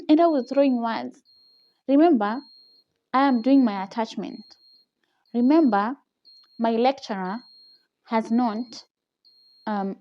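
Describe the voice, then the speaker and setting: Filmed on a phone camera with dull audio, the young vlogger speaks in a slightly high, dark-toned voice and a Kenyan accent. She relives a personal story with animation, laughs often, and keeps adding "okay?" to her lines.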